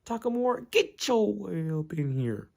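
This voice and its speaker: A man's voice: high voice, very animated, measured pace, vocal fry, voice pushed up, exaggerated voice. A man voicing an exasperated older male boxing coach who talks in incredulous, slangy trash talk.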